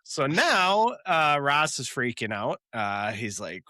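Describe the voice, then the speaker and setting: Male podcast co-host, lively pitch, chatty episode recap. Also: slow pace, no room sound, clean studio sound. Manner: animated retelling with laughs and fillers. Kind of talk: casual chat recapping a TV episode.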